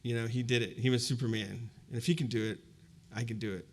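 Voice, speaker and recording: Fast and gravelly, his mid-range voice keeps fairly even intonation. The man, in his fifties, is presenting at a university event before a live audience, recounting a personal story reflectively and conversationally with many fillers such as "you know."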